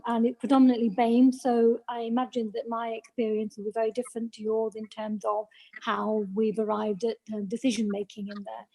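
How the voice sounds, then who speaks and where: A woman who is a school governor, speaking on a webinar panel in a measured, hesitant way with many pauses. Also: on the high side, poor audio. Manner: measured, hesitant, many ums, drops to quiet at phrase ends. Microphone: remote video call.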